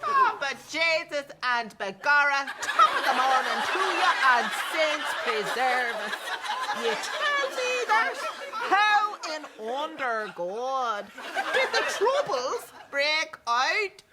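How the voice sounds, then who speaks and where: A woman's voice: high-pitched, big pitch swings, slow, over a noisy crowd, exaggerated voice. An actress playing a woman who is putting on a hammy, cliché-stuffed Irish granny voice for a film. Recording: loud studio audience and noise.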